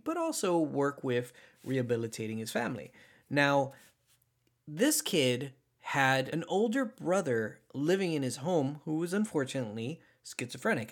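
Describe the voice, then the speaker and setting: Emphatic man telling a story. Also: mid-range voice. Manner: animated, emphatic, with frequent restarts. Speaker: former social worker telling a story. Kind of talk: casual storytelling.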